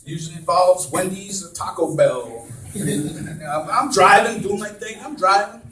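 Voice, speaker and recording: A man's voice: sits high, unhurried, fairly bright tone, slight background noise. A man doing a stand-up comedy set, rambling and self-deprecating, with lots of fillers and restarts. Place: comedy club stage. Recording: roomy club sound from a distance, crowd laughter.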